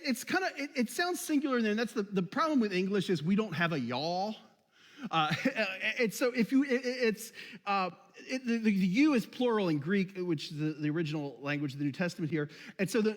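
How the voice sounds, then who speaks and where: High-voiced joking pastor in a hall. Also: male voice, sing-song, a little fast, a bit bright. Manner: casual, joking, laughs often, many restarts. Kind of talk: sermon. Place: church hall.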